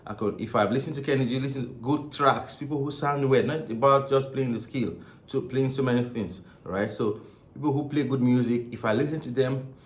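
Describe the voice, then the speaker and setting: A man with a mid-range voice speaks a little fast as he gives a casual saxophone lesson, rambling, repeating himself, and often checking in with "right?" and "okay?". The room is echoey, with faint ambient noise.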